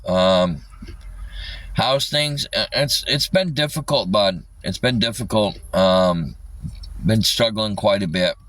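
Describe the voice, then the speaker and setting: A man rambling in casual livestream chat, swearing often and halting with lots of fillers. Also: on the low side, a bit bright, dry recording, recorded from a distance.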